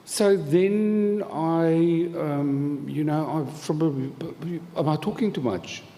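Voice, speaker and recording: A man's voice: fairly high pitch, takes it slowly, mellow. Chatty man in a reverberant hall. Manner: chatty, rambling, laughs often, dry humour. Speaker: panel guest author. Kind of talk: storytelling at a live panel. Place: festival event hall. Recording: live hall with reverb, faint noise.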